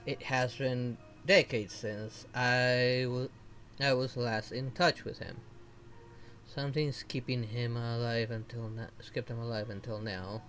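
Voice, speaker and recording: Slow-reading male streamer. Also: mid-range voice, a bit bright. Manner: slow, deliberate reading broken by laughs and mild swearing. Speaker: VTuber streamer. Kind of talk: reading game dialogue aloud with casual commentary. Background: faint game music.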